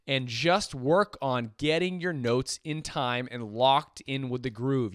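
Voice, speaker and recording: A man teaching jazz piano in a relaxed, chatty way, counting beats aloud as he plays. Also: on the high side, no echo, clean studio sound. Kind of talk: casual instructional talk. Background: piano playing and metronome clicks.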